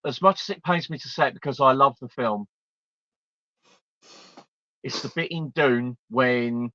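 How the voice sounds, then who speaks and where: A man's voice: medium pitch, a bit bright, dry recording. Laughing, swearing man on a stream. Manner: swearing, laughing, mimicking film lines. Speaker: host. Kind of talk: casual chat on a live stream. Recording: dull lo-fi stream audio.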